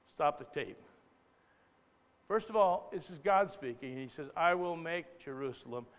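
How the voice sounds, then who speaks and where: A man preaching a live sermon as pastor, talking conversationally and then building to loud, emphatic, impassioned bursts. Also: a little high. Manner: conversational asides, stops himself to rephrase. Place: church hall. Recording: live church recording with long reverb.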